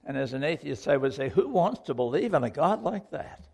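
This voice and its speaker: A man's voice: on the high side, big pitch swings, a little fast, gravelly, a little mellow, slightly rough, in a large hall. A man preaching a sermon to a congregation, earnest and questioning, repeating key lines for emphasis. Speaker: pastor.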